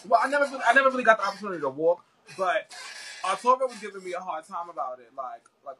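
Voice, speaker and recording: A woman's voice: lowish voice, very animated, fast talker, fairly bright tone, slight background noise, rough recording. A young woman guest talking about her experiences in casual, slangy, profane chat, full of fillers.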